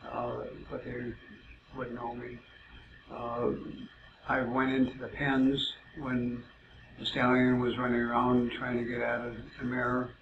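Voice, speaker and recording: Man, casual storyteller, halting and rambling, gravelly flat delivery, muffled noisy roomy recording. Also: mid-range voice. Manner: rambling, many "uh" fillers, halting. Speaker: self-described psychic telling stories.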